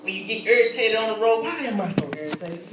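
A man preaching a sermon, telling a personal story with laughter and swinging between hushed and loud delivery. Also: high-pitched, animated, fast, heavy reverb, recorded from a distance, crowd noise, low-quality recording.

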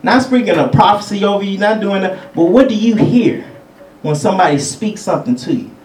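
A man's voice: high-pitched, a little fast, a little mellow, echoey room, far from the mic, low-quality recording. A male preacher giving a conversational teaching sermon. He chuckles between points and calls out for amens. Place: church sanctuary.

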